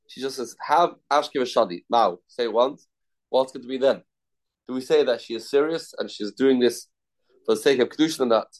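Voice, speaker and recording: Male Talmud teacher, mid-pitched, reads then explains, repeats himself, self-questioning. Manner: repeats key phrases, asks and answers his own questions. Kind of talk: daily Talmud class.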